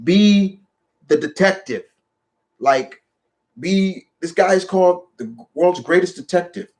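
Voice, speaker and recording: Rambling animated man hosting a live chat. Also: high-pitched, takes it slowly. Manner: rambling, animated, lots of restarts. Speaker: show host. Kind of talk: casual live chat about movies.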